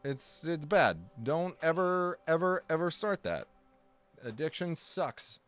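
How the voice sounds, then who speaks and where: A man's voice: on the high side, expressive, takes it slowly, fairly bright tone, clean tone, faint music behind. A man chatting casually on a live game stream, rambling and correcting himself as he goes, joking and poking fun at himself. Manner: rambling and self-correcting, with frequent restarts; jokey, self-deprecating and exaggerating.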